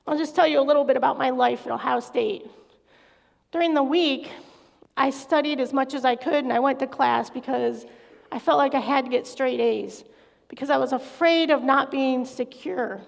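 A woman's voice: sits high, moderate pace, vocal fry. A middle-aged woman giving an earnest, confessional personal faith testimony as a guest speaker in a large hall. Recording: echoey hall reverb.

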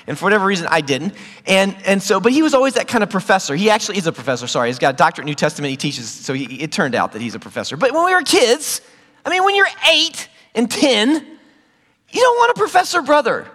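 Animated middle-aged pastor, high, lively voice, long hall reverb. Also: male voice. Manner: animated storyteller, jumps to loud high squeals when acting scenes. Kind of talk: sermon.

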